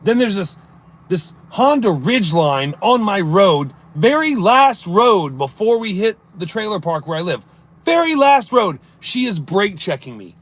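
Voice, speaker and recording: A man's voice: sits high, sing-song, measured pace, fairly bright tone. A man telling a long story on a casual live stream, acting out his own thoughts as he rambles through it. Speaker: livestreamer reading chat.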